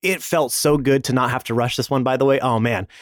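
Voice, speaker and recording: A man hosting a podcast and playing in the game, speaking in an energetic, enthusiastic way. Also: mid-range voice, a little fast, dry recording, clean studio sound. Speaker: podcast host and player. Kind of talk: upbeat promo read and casual play.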